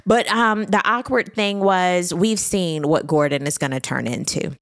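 A woman's voice: on the low side, measured pace, hardly any pauses. A woman in her thirties hosting a casual recap vlog, sassy and full of 'honey' and 'baby'. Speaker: host.

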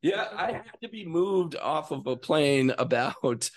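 A man in his fifties, an actor being interviewed in a podcast studio, telling animated stories, acting out other people's voices and laughing often. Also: on the high side, a little slow. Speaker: guest actor. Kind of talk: casual interview storytelling.

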